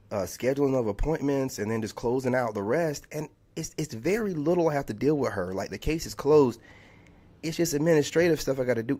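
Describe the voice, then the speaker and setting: A man's voice: medium pitch, a little mellow. Guy venting on his vlog, fired up and fed up, keeps saying man. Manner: heated, exasperated, repetitive storytelling with lots of "man". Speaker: content creator. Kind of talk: ranting vlog monologue.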